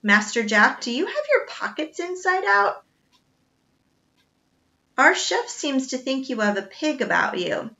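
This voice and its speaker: A calm, formal butler who answers everything with polite, dry composure, as a woman reading the story puts him on. The storybook voice stays bright and the recording sounds a bit dull and lo-fi. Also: high-pitched, a little slow, pauses often, voice pushed up, exaggerated voice. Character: formal, unflappable man butler.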